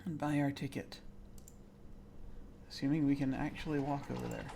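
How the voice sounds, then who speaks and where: A man's voice: mid-range voice, steady tone, moderate pace, creaky, noisy background. A man giving casual, chatty gameplay commentary who laughs often and talks to himself. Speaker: game streamer.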